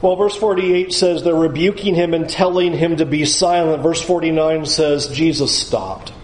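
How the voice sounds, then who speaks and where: A man's voice: fairly high pitch, steady tone, normal speed, echoey room, slight background noise, rough recording. A male pastor preaching a sermon with emphasis, urging listeners to picture the scene.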